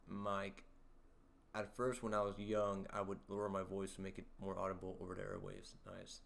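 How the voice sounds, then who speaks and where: A man hosting a livestream, chatting casually and teasing his viewers in a rambling, halting way. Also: fairly low pitch, steady tone, gravelly, fairly bright tone. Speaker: livestream host. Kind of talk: casual livestream chat, reading viewer comments.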